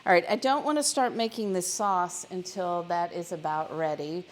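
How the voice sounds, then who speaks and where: A woman with a voice on the low side hosts a live cooking stream from her home kitchen, speaking at a moderate pace over slight background noise. She chats casually with viewers and jokes at her own expense while cooking.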